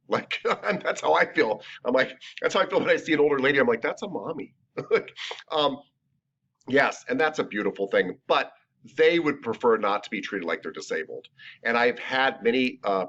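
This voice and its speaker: Man, massage instructor, animated classroom lecture, lo-fi recording. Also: mid-range voice. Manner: chatty, animated, jokey.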